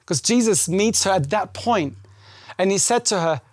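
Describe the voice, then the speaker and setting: The clean studio audio, free of echo, captures a man whose voice sits high as he preaches at a moderate pace. This pastor's church-service sermon is conversational and animated, and he dramatizes scripture dialogue.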